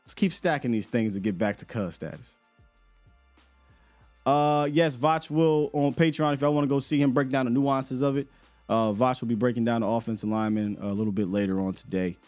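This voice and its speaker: A man's voice: medium pitch, fairly quick, a little mellow, dry recording, faint music behind. A man hosting a sports talk show, chatting in a laid-back, conversational way and taking calls. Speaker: host.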